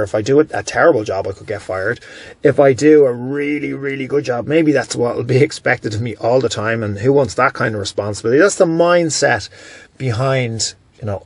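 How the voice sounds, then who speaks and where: A man's voice: medium pitch, no room sound. Blunt, emphatic man hosting a podcast. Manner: emphatic, blunt, self-correcting. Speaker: podcast host. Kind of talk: solo motivational podcast monologue.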